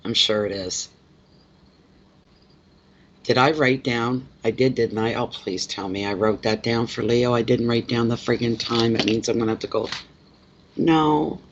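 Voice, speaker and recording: Speaking a little slowly with long pauses, a Canadian tarot reader chats casually on a live stream, greeting viewers by name and repeating himself as he rambles. His voice is mid-range. Slight background noise sits in the somewhat dull, lo-fi recording.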